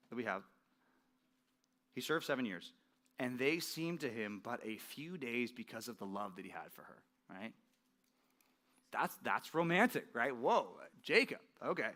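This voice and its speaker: A man preaching a sermon with a bright, forceful voice that sits a little high. He keeps it chatty and animated, firing quick questions at his listeners. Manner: conversational, animated, often asks the audience "right?" and "okay?". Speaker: pastor.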